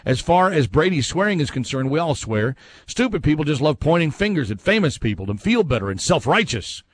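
A man's voice: a little high, big pitch swings, a little fast, slightly rough, dry recording. Man hosting a dry sports talk show. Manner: conversational, reads listener messages aloud and reacts with opinions. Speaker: sports talk show host reading listener comments.

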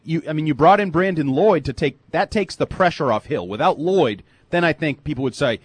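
Animated husky-voiced man talking sports. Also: a little high, fairly quick, few pauses, dry recording. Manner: animated, laughs often, blunt opinions. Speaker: co-host. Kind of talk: casual sports talk.

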